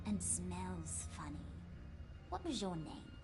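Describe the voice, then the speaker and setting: A woman's voice: fairly low pitch, sing-song, takes it slowly, full character voice. A woman voicing a proud, reclusive elf woman who speaks in a dry, dismissive way. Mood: haughty. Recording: game dialogue over music.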